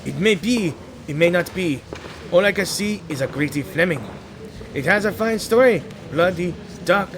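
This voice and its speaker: A man voicing a scheming old male pawnbroker in a game story, smooth and wheedling with a faint French flourish. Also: high voice, expressive, moderate pace, background noise. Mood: smug.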